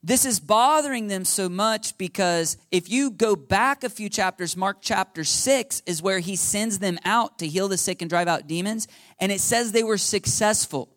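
A man's voice: high voice, moderate pace, fairly bright tone, no echo, studio quality. Conversational male pastor teaching a sermon. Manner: conversational, often checks in with "okay?" and "right?". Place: church.

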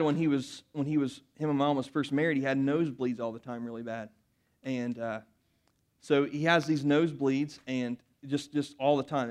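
A middle-aged man preaching a sermon, telling rambling personal stories full of restarts that build up into loud excitement. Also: medium pitch.

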